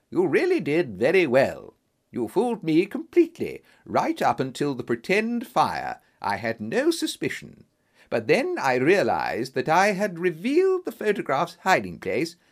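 Composed, clever woman, male reader, measured delivery, animated pitch. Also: exaggerated voice. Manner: measured letter reading. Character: clever cool-headed woman, an actress.

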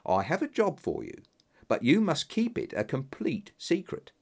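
A thin, secretive colonel with a slight German accent, as a male storyteller puts him on, pressing and probing with each question. His pitch swings widely and climbs high as he insists. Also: huge pitch swings, moderate pace, darkish tone, heavily acted. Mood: guarded.

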